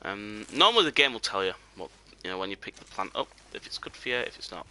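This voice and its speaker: Here the man streaming the game has a lowish, sing-song voice, fast, bright and forceful, with slight background noise. He chats casually and rambles with "you know" and "um," whispering almost inaudibly as he stalks game.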